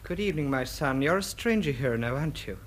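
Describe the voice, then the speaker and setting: A genial parish priest, acted by a man, talks in a soft, fatherly way with a lively lilt. The recording carries loud background noise. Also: medium pitch, fast, close to an everyday voice. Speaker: priest in a comedy sketch.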